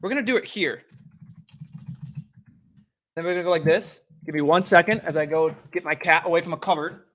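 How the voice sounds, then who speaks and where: A man's voice: a little high, a little fast, pauses often, a bit bright. A young man rambling easily as a streamer and host in casual live-stream chat from home. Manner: easygoing, rambling, chatty. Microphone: desk microphone.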